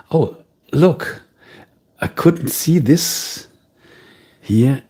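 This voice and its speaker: Slow-talking German man streaming. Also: mid-range voice. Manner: relaxed, unhurried, talks directly to chat. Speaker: livestream host. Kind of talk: casual chat with viewers.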